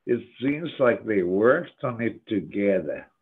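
A man's voice: lowish voice, sing-song, unhurried, slightly rough. An older man, a guest musician, telling rambling stories with a lot of swearing over a tinny, phone-like connection. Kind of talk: casual interview chat. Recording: tinny phone-like remote audio.

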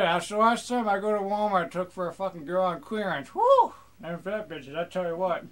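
A young man rambling crudely through casual gameplay commentary, joking in a mock pirate voice. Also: high voice. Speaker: gamer.

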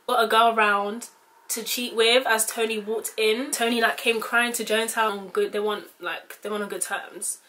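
A woman's voice: a little high, pushed and bright. A young woman with a British accent, talking casually to camera in a rambling, chatty way, full of "like". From United Kingdom. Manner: chatty, rambling, heavy use of "like". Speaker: vlogger.

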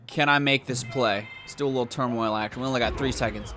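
A young man commentating his own video game play, swearing and shouting at the game in bursts. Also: medium pitch, fast, few pauses, faint music behind. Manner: excitable, profane, yells at the game. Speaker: gaming YouTuber.

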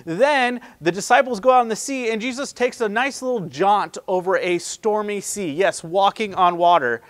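Preaching to his congregation, this pastor keeps things casual and conversational, punching certain lines and dropping others to near silence. He has a high voice, speaks at normal speed, and there's no echo.

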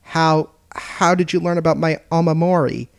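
A man's voice: on the high side, steady tone, normal speed, vocal fry, clear, resonant tone, no echo, clean studio sound, pitched above the performer's own voice. A nervous, touchy little engine who stumbles over his words when cornered, as a man gives him voice. He sounds hurt and on edge. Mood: upset defensive. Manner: stammering, defensive. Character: anxious, easily hurt male engine.

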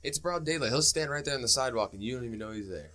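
A man's voice: mid-range voice, expressive, sharp tone. A man co-hosting a casual movie review podcast, riffing with lots of swearing. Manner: fast, profane, riffing banter. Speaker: podcast co-host.

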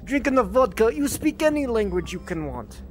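A man's voice: extremely high pitch, big pitch swings, moderate pace, faint music behind, voice pushed up. A man voicing a boisterous vodka-obsessed Russian soldier with a put-on Russian accent and broken English. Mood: boastful. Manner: broken English, loud and theatrical.

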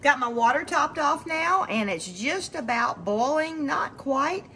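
A woman's voice: sits high, animated, measured pace, pushed and bright, a little hiss or hum. Chatty woman canning in her kitchen. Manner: chatty, explains each step as she works. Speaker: home canning vlogger. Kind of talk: casual cooking demonstration. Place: home kitchen.

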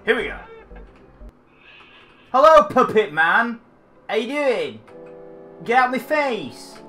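A gamer giving let's play commentary on a horror game, excitable and jumpy, talking back at what is on screen. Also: mid-range voice, slow, soft background music.

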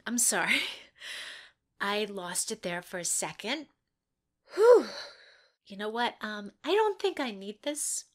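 A woman's voice: on the high side, pushed and bright. A woman performing an eager young actress at an audition in an audio play monologue, dramatic and swinging between whispers and outbursts.

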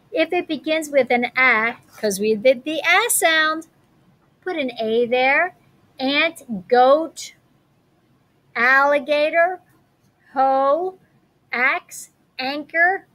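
A woman teacher reading a picture book aloud and then explaining a writing lesson to young children, clear and encouraging. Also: high voice, sharp tone, low-quality recording. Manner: encouraging, speaks slowly and clearly.

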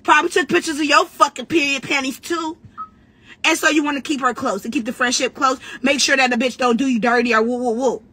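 A woman battle rapper in a brash, profane, trash-talking rant, talking casually and quickly. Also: sits high, fairly even intonation, sharp tone, husky. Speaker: battle rapper giving commentary.

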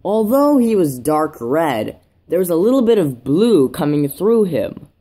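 A woman narrating a homemade toy train story softly, with small restarts. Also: lowish voice, very animated, a little slow.

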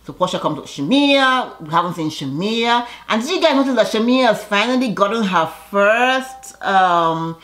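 A woman's voice: medium pitch, expressive, moderate pace, hardly any pauses, a bit bright. A woman casually recapping a reality show episode in a chatty, gossipy way, laughing often and tossing in sassy asides.

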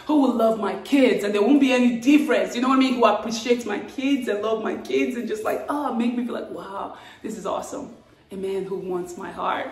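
A woman talking casually to camera, playful and animated. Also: reverberant, distant mic. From Africa. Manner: playful and animated, with laughs and sudden high exclamations. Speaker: vlogger.

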